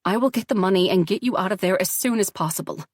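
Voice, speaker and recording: A woman's voice: medium pitch, fast, no room sound, clean studio sound, lightly acted. Determined worried mother, as the narrator voices her. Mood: reassuring. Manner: reassuring, urgent.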